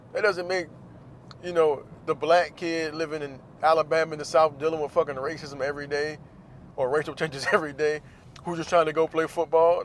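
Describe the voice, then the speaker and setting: A man hosting a podcast, talking in a blunt, profane, casual monologue and laughing between points. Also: fairly high pitch. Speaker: podcast host.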